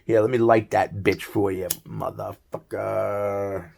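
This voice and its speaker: A man's voice: fairly low pitch, level tone, takes it slowly, vocal fry, darkish tone, slight background noise. A man giving a rambling solo video monologue, heavily profane and full of restarts and fillers, agitated and worn out. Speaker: vlogger.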